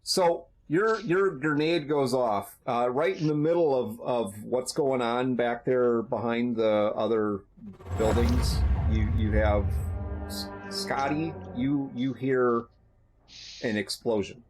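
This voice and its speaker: A man narrating as game master of a tabletop role-playing game, describing scenes in a halting, conversational way with frequent restarts. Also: mid-range voice, background noise.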